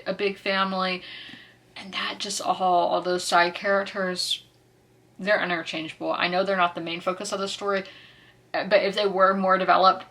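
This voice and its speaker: Bright-voiced chatty woman book vlogger. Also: medium pitch. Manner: chatty, rambling, self-correcting. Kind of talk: casual chat.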